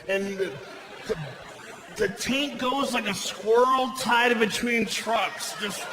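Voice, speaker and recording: A man doing a stand-up comedy routine on a theater stage, telling a profane story loudly and with big shouted punchlines. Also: extremely high pitch, slow. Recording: roomy live theater sound with audience noise.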